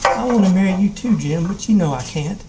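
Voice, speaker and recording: A man reading aloud and voicing a gentle, practical schoolgirl in his own voice. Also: high voice, lively intonation, fairly quick, heavy background noise, pitched above the performer's own voice. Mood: matter-of-fact. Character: fond, practical schoolgirl Chrissy.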